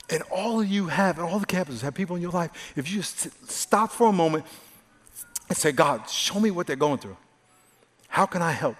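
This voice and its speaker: A male pastor preaching a sermon, swinging from loud exclamations to hushed, earnest asides. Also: a little high. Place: large church hall. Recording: live sermon with hall reverb and faint music.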